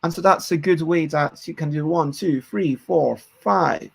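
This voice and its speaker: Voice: medium pitch, unhurried, vocal fry. A streamer hosting a casual game design session, thinking aloud and counting out numbers. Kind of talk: casual live-stream chat.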